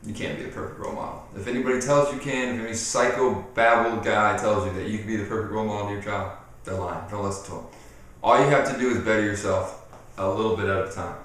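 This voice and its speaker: A man giving casual parenting advice straight to camera, animated, acting out what people say and repeating himself as he goes. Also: on the low side, quick pace. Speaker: parenting video host. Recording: very echoey room, mic off at a distance.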